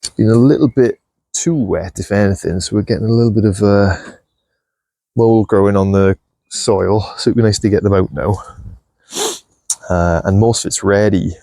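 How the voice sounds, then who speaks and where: A man chatting casually while he shows his farm and garden, relaxed and self-deprecating, with a clip-on mic. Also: lowish voice, moderate pace, dry recording. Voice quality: gravelly. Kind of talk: casual walk-and-talk vlog. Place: outdoors on a farm and in a polytunnel. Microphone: clip-on mic on clothing.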